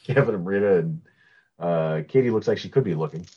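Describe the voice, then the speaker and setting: Low husky man, joking co-host. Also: a little fast, dark tone, muffled recording. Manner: joking, easygoing, laughs often. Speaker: podcast co-host. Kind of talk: casual movie chat.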